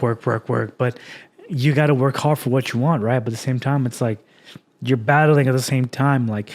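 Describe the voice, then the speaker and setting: Young man, podcast host, candid rambling monologue, mid-pitched voice, lots of fillers. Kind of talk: reflective personal podcast monologue.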